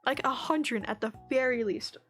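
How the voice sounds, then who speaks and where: A woman's voice: a little high, moderate pace, fairly bright tone, soft background music. A woman streamer in casual chat, telling an angry story full of swearing and frequent laughs, on a streaming mic. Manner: laughs often between lines.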